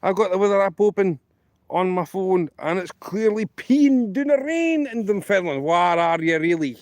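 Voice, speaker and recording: A man's voice: high voice, normal speed, no echo, voice pushed up. A man putting on an indignant Scottish caller. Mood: accusing.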